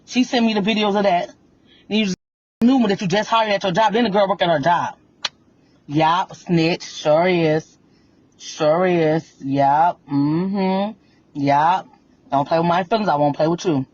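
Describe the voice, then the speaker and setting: A woman's voice: fairly low pitch, measured pace, darkish tone, dull audio. A woman venting on a livestream, blunt and confrontational, repeating her points again and again. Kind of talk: heated livestream rant.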